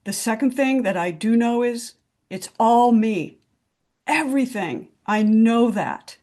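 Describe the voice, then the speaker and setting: A woman's voice: a little high, slow pace, dark tone. A woman speaking candidly in a video-call sharing group, blunt and swearing, with many fillers and restarts.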